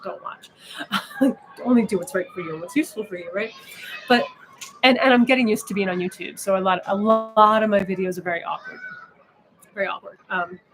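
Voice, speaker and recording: Female meditation teacher, reflective, gentle delivery, noisy recording. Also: medium pitch. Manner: gentle, musing, with frequent "right?". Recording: steady background noise.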